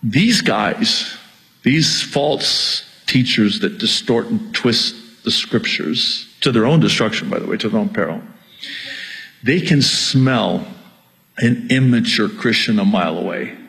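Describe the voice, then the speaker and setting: Slow emphatic male preacher. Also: medium pitch, gravelly, rough recording. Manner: emphatic, climbs to near-yelling then calms with self-aware humor; addresses congregation as "you guys". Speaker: pastor. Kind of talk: sermon.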